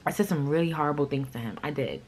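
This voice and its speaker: A woman vlogger telling a personal story in a casual, blunt, animated way, swearing freely. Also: sits low, fast, low-quality recording.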